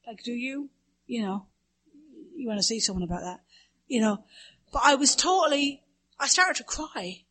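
A woman's voice: a little high, expressive, normal speed, pauses often, fairly bright tone. Candid middle-aged Irish woman. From Ireland. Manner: candid and self-mocking, acts out others' voices. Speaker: recovery meeting speaker. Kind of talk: personal story told to a meeting.

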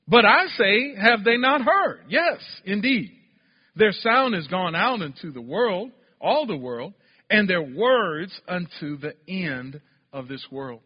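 A man's voice: high-pitched, breathy edge. A male pastor preaching a sermon, calling on the congregation to respond and building to emphatic peaks. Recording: dull, roomy church hall sound.

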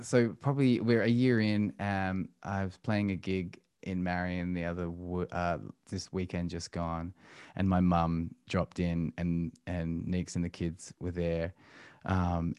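A man's voice: low voice, little pitch movement, slow, a little mellow, clear, resonant tone, dry recording. A man, talking about family life as a podcast guest in a reflective, hesitant way full of ums. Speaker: podcast guest, musician and homeschooling parent. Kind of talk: casual interview talk.

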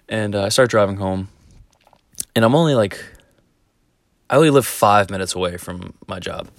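A man's voice: lowish voice, moderate pace, no room sound, clean studio sound. A man casually telling a rambling, profane story, laughing as he goes.

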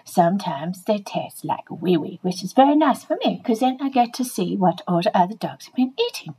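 Silly talking dog voiced by a woman, playful, chatty, lively sing-song delivery. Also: medium pitch, moderate pace, slightly rough, poor audio. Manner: playful, chatty, addresses listeners directly. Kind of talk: comic monologue to listeners.

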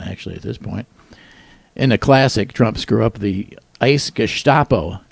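Older guy doing deadpan joke news, gravelly lowish voice, dry close sound. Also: dry recording. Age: 60s. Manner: dry, wisecracking, mutters asides. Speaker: podcast host. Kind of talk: deadpan satirical news monologue.

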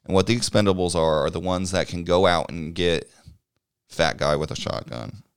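Deep-voiced man rambling through a movie recap. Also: moderate pace, clean tone, dry recording, studio quality. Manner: rambling and swears freely, chuckling while recapping. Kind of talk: casual movie recap chat.

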